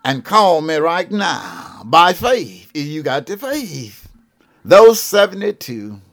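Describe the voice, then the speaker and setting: A man's voice: on the high side, very animated, takes it slowly. A man in his seventies from Georgia with a Southern accent, making a fervent televangelist appeal, repeating himself and calling out to listeners. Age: 70s. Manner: preachy, repeats "what I'm saying", calls out "yes ma'am, yes sir". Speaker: televangelist prophet. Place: broadcast studio.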